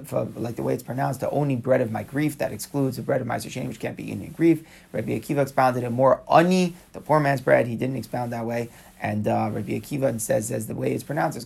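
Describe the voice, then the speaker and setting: A man explains a page of Talmud at a brisk clip, slipping Hebrew and Aramaic phrases into casual English. His voice is strongly gravelly and husky, with a worn, rough edge. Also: medium pitch, a little mellow. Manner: quick, conversational, mixes Hebrew and Aramaic terms. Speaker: Talmud teacher.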